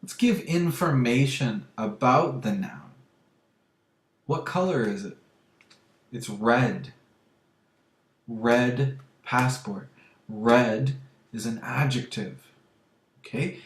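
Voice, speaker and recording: A mid-range-voiced man delivers a grammar lesson for English learners, measured and slow, often checking comprehension with "okay?". His voice echoes around the room.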